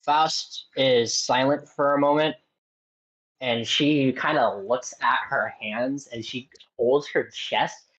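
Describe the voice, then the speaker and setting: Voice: mid-range voice, fairly even intonation, slow, fairly bright tone. A player narrating their character's actions in a tabletop game, rambling with many likes and restarts. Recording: slightly muffled audio.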